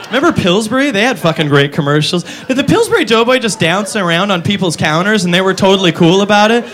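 A man's voice: high voice, expressive, quick pace, fairly bright tone. A man doing a stand-up set, profane and mocking, often laughing at his own jokes, on a handheld mic. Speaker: stand-up comedian. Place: comedy club stage. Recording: live club recording, audience noise.

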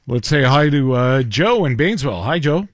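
Male radio host, animated trivia banter with callers, dry close mic. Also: medium pitch, moderate pace, dry recording. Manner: chatty, friendly banter with callers. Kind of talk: call-in trivia radio show.

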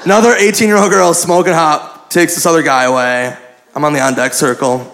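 A man telling a crude, self-mocking story as a stand-up comedian, animated and loose, recorded live in a comedy club. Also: a little high, brisk, vocal fry.

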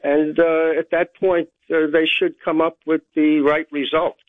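A man speaks as a radio guest in a hesitant, measured way, filling his pauses with uh's. His voice comes through a thin, tinny phone line. It is dry and mid-pitched. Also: little pitch movement, dry recording. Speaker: guest commentator. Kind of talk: phone interview on talk radio.

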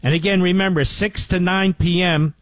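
A man's voice: high-pitched, fairly even intonation, normal speed, fairly bright tone, no room sound, rough recording. A man hosting a talk radio show, speaking emphatically and repeating key points for stress.

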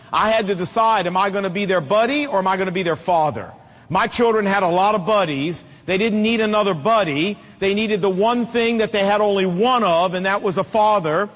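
A man's voice: high-pitched, long reverb tail. A middle-aged man preaching a sermon, emphatic and telling stories with acted quotes.

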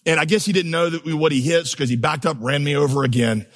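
A man's voice: fairly high pitch, fairly even intonation, quick pace. A man preaching a sermon as pastor, telling stories with humor and building to emphatic, impassioned crescendos. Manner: storytelling, humorous asides.

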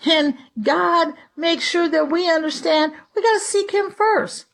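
A woman's voice: very high-pitched, measured pace, gravelly. A woman giving a conversational Bible teaching, chatty and acting out everyday quotes. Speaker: preacher.

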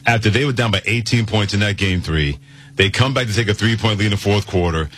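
A man's voice: lowish voice, fast, fairly bright tone, husky. A man hosting a sports talk radio show, speaking emphatically and teasing his co-hosts.

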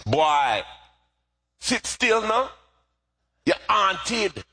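A man's voice: high-pitched, big pitch swings, normal speed, a bit bright, husky, voice pushed up, full character voice. A man playing his stern mother, who tells her restless son to sit still and go run. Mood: scolding. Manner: scolding, commanding.

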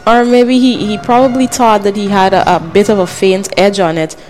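A woman's voice: mid-range voice, fairly even intonation, normal speed, a little mellow, faint music behind. Incredulous woman cricket co-commentator. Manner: incredulous, analytical, laughs along. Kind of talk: radio commentary.

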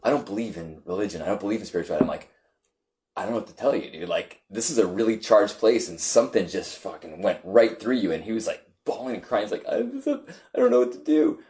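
A man's voice: deep voice, fast, warm tone, a little hiss or hum. A man in casual conversation, telling a story animatedly and often restarting his sentences with lots of fillers.

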